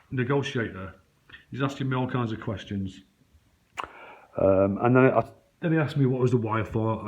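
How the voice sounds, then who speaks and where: Indoors in his own flat, a man records a rambling first-person vlog, keeping his voice to a low, conspiratorial mutter. As he talks, he gestures at different spots around the flat.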